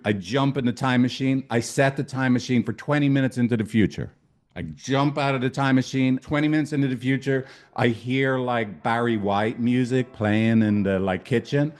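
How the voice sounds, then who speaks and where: Male couples therapist from Ireland, animated storyteller, emphatic and profane. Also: medium pitch. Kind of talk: storytelling talk.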